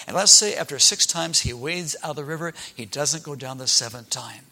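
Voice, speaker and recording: A man's voice: on the high side, normal speed. A man telling a Bible story to children, asking them questions and acting out the characters. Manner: animated, asks the children questions and acts out the characters.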